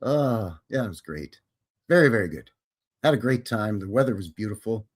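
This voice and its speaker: Brief: upbeat male streamer, animated pitch, joking and greeting viewers. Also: moderate pace. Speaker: host. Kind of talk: casual livestream chat.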